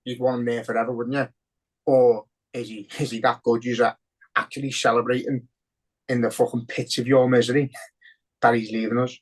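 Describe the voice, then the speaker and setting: A man's voice: medium pitch, flat delivery, moderate pace. A young man with a Liverpool accent, chatting on a podcast, swearing heavily as he rants with emotion. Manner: heavy swearing, emotional and ranting. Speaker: podcast co-host. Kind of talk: casual podcast chat.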